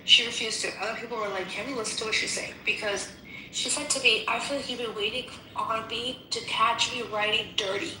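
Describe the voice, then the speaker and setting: A woman's voice: on the high side, steady tone, fairly quick, bright, forceful tone, a little hiss or hum. A woman telling a story in casual chat, heated and profane. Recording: echoey room.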